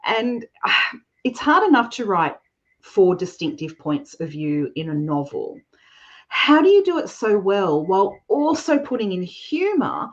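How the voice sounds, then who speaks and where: A woman's voice: medium pitch, sing-song, measured pace. A woman podcast host asking questions with an enthusiastic, complimentary manner. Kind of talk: interview hosting. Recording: dull lo-fi sound.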